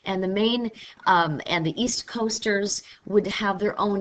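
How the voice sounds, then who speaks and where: Unhurried and medium-pitched, a woman from Missouri who teaches literature gives a casual lecture that was recorded in class. Now and then she playfully puts on a regional way of talking.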